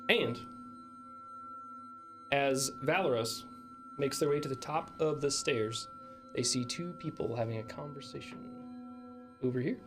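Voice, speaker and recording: A man's voice: mid-range voice, lively intonation, a little slow, long pauses, music in the background. Man narrating a tabletop game. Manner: casual, descriptive narration with restarts. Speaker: game master.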